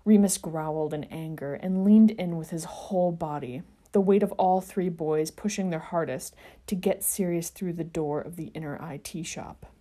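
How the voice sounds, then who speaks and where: A woman's voice: fairly low pitch, normal speed, dark tone. A woman podcast host reading fan fiction aloud and chatting with wry, dry asides. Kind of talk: narrated fan fiction reading and casual chat.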